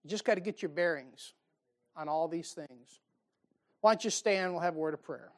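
A man's voice: on the high side, moderate pace. A man preaching a sermon in a church, folksy and conversational, building to emphatic outbursts. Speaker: pastor. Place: church sanctuary.

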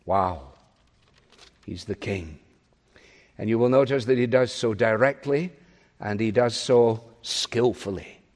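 A man preaching an expository sermon, pressing his points with loud rises and then dropping to a soft, low voice. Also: a little slow, long reverb tail. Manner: emphatic, swinging between loud rises and soft drops.

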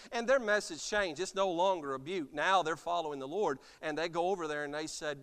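A man's voice: a little high, fairly quick, few pauses. Fiery preaching man in a reverberant church. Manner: impassioned preaching, rising to loud cries then dropping soft. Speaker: pastor. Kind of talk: sermon. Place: church sanctuary.

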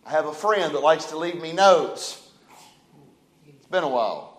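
A male pastor, preaching a folksy, dynamic sermon that swings between loud and soft. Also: fairly high pitch, lively intonation, unhurried. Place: church sanctuary. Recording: echoey church room.

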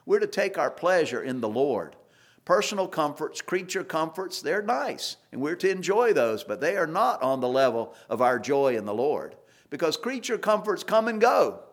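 A man's voice: fairly high pitch, very animated, moderate pace. A man preaching an expository sermon, earnest, with rising emphasis on key points and occasional restarts.

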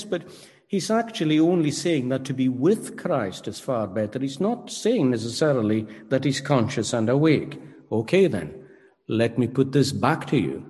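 A man preaching a sermon, emphatic and rhetorical, pausing dramatically and questioning his listeners. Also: mid-range voice, darkish tone. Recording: long hall reverb.

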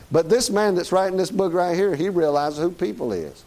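A man's voice: sits high, moderate pace, vocal fry, hardly any pauses, warm tone. A middle-aged man with a Southern US accent preaching a sermon in a folksy, joking way, chuckling as he goes. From Southern United States.

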